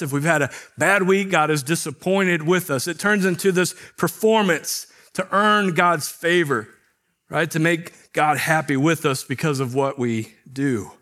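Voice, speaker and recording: A man's voice: fairly high pitch, a bit bright. A middle-aged man, a pastor, preaching a sermon in a conversational way, asking rhetorical questions.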